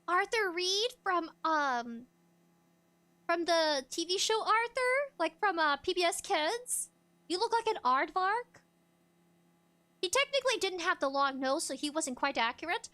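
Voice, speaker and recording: A woman streamer chatting casually, laughing often and acting out bits of dialogue in loud bursts. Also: very high-pitched, lively intonation, unhurried. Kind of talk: casual chat.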